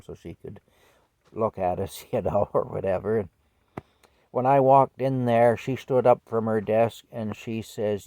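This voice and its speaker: A man with a lowish voice reflects conversationally on a personal story from his childhood, letting out soft laughs here and there. There's no echo.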